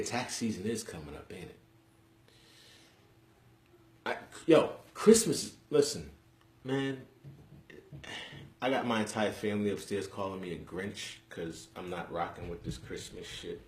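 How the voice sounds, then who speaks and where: A young New man with a very low, deep voice hosts a casual live stream from home, bantering bluntly with viewers. He talks in animated slang. The room around him sounds echoey. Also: brisk. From Harlem, New York City. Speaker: host of a live webcast.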